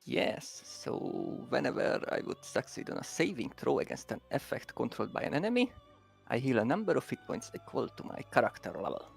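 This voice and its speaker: A man playing in a tabletop game, calmly reading out his character's abilities. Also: mid-range voice, fairly quick, gravelly, soft background music. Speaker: player.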